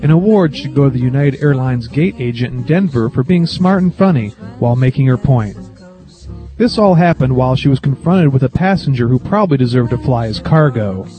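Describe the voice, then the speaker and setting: A man's voice: mid-range voice, lively intonation, brisk, warm tone, faint music behind. A man hosting a comedy radio spot, reading jokes in a wry, storytelling way.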